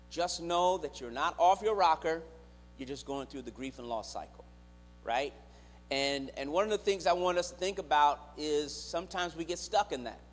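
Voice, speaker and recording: A man, a clinician, giving a teaching to a church congregation, speaking to the listeners directly and asking them to repeat words back to him. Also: fairly high pitch. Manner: engages the audience directly, acts out quoted voices. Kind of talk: church teaching with call-and-response. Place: church sanctuary. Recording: reverberant church hall on a live stream.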